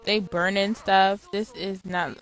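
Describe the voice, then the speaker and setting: A woman's voice: mid-range voice, level tone, takes it slowly, poor audio. A woman hosting a let's-play, giving casual game commentary in an exasperated, chatty, profane way.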